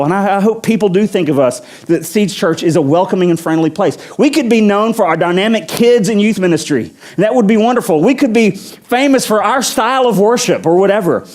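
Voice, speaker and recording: High-voiced pastor telling a story. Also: male voice. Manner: animated storyteller, voices quotes with rising intensity. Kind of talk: sermon with storytelling.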